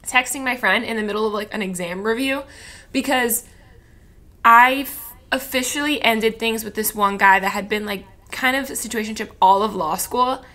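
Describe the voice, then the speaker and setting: A woman's voice: on the high side, moderate pace, bright, forceful tone. A woman in her twenties from Florida, a podcast guest in a candid chat, rambling and emotional with lots of "like". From Florida, USA. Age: 20s. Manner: rambling and emotional, heavy use of "like".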